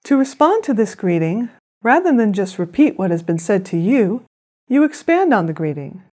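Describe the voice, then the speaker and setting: A woman narrating a scripted language lesson, explaining phrases clearly and pronouncing them with care. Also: mid-range voice, big pitch swings, warm tone. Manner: clear, measured instruction with careful pronunciation. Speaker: language teacher.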